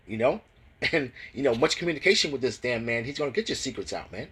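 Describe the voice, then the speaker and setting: A man teaching from scripture, reading verses slowly and breaking in with commentary full of restarts and "man, you know?" tags. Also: medium pitch, animated, a bit bright, husky, low-quality recording. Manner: reads scripture slowly and deliberately. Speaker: religious teacher.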